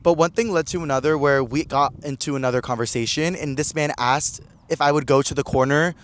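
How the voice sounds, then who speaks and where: Fast-talking young man spinning a story. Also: a little high. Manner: chatty, slangy, peppered with "like". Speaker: podcast host. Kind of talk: casual storytelling.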